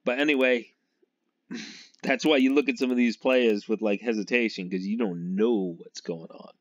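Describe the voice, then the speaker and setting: A man's voice: medium pitch, steady tone, normal speed, no echo. A man from Massachusetts rambling through a casual monologue about football, laughing often and trailing off as he talks. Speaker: sports fan vlogger. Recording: dull lo-fi recording.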